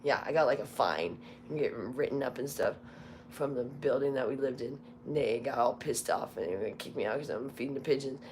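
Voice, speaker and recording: A woman's voice: very deep voice, fairly quick, darkish tone, slight background noise. A woman hosting a casual livestream, rambling through stories with lots of "like," her voice cracking now and then. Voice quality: voice cracks when tired. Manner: rambling storyteller, heavy use of "like". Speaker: livestream host.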